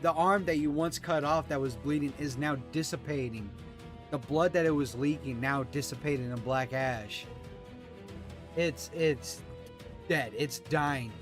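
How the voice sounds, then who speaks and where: A man running a tabletop game as game master, narrating the scene in an animated way. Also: a little high, a little slow, music in the background. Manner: animated, shouts out monster lines.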